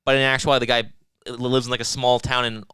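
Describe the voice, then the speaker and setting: A young man co-hosts a casual podcast, spinning long joking riffs full of swearing and restarts. His voice is smooth and clear, at an ordinary pitch. It sits close and dry on the mic. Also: flat delivery, fast talker, bright, forceful tone, no room sound. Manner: rambling, profane, joking, many restarts. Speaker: podcast co-host.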